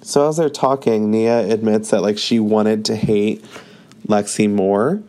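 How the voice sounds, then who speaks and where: A man's voice: on the low side, fairly even intonation, a little slow, warm tone. A man casually recapping a TV episode, talking loosely with lots of filler words. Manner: chatty, heavy use of "like". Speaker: show recap host.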